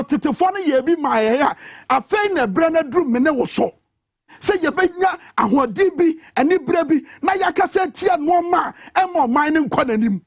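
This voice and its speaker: Fiery high-voiced Ghanaian studio host. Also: male voice, dry recording. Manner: fiery, preaching, mixes English into his speech. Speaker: radio and TV talk show host. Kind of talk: impassioned political commentary. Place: broadcast studio.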